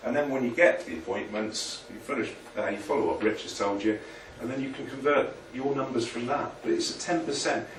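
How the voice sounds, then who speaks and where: A man's voice: medium pitch, a little fast, few pauses, slight background noise. A man giving an informal, motivational business presentation to a room of people, chatty and self-deprecating. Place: meeting room with an audience. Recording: echoey room, picked up from a distance.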